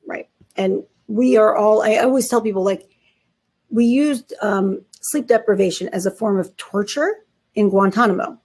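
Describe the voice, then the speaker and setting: A woman psychiatrist who is a guest in an interview, explaining clinical cases in an emphatic, brisk, conversational way with casual idioms. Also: medium pitch, a little mellow, husky.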